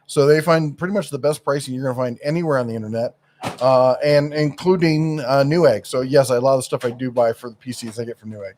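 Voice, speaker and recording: A man's voice: medium pitch, fast, a little mellow, a little hiss or hum. A middle-aged man chats casually as co-host of a live stream. He rambles and stops often to search for the right word, with lots of fillers.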